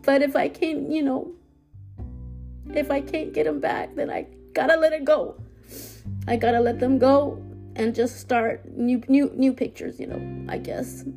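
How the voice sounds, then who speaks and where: Gravelly, halting woman podcaster. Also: high voice, level tone, warm tone, soft background music. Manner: halting, hesitant, full of restarts. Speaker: podcast host. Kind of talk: personal podcast monologue.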